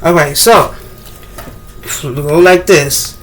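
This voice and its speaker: A woman chatting casually while demonstrating a recipe in her home kitchen, rambling, with sudden excited bursts. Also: low voice, extremely slow, slight background noise. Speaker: cooking vlogger.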